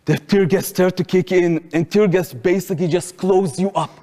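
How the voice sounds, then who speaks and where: The speaker is a Hebrew-speaking Israeli man in his twenties with a high-pitched voice at normal speed, sharing a personal story in a lecture hall. His animated delivery includes acting out quotes and shouting at peak moments, and the recording carries long hall reverb.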